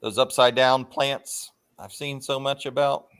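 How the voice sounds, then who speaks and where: A man's voice: mid-range voice, fairly even intonation, fairly bright tone, smooth. Casual livestream host, male, loose and rambling, salty language, lots of ums and uhs. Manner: rambling, swears freely, frequent filler pauses.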